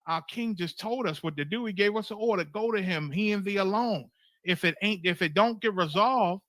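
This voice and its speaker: A man's voice: high-pitched, pushed and bright, no echo. A man leading a scripture study on a livestream, preaching in a fiery, blunt and profane way with emphatic repetition.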